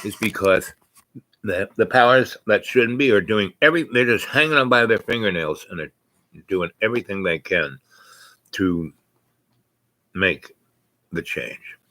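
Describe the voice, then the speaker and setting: A man with a lowish voice rambles through a story for his viewers. He drifts from thought to thought, trips over restarts and fillers, and breaks into small laughs along the way. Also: animated, measured pace, long pauses, sharp tone. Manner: laughs often mid-sentence. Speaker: vlogger. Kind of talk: casual rambling monologue.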